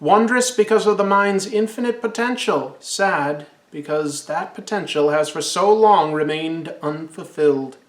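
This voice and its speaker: A man's voice: on the high side, roomy sound, lightly acted. A man reading aloud the inner thoughts of a wise older male telepath from a comic.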